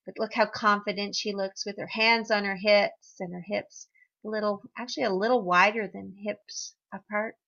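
A woman hosting a podcast, guiding listeners through an affirmation exercise in a gentle, encouraging way with a few fillers. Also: medium pitch, fairly even intonation, moderate pace, dull audio. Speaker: podcast host, wellness guide.

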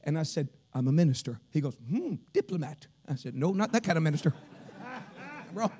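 A man from Kentucky with a Southern accent, preaching a revival sermon, swinging from shouted sing-song preaching to low storytelling. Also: lively intonation, fairly quick, a little hiss or hum.

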